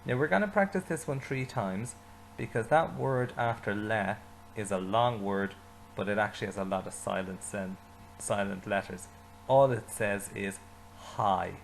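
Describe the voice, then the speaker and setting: A man teaching an Irish language lesson, saying phrases slowly and asking learners to repeat them. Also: lowish voice, vocal fry, slight background noise, rough recording. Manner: slow repetition, leading learners to say phrases with him.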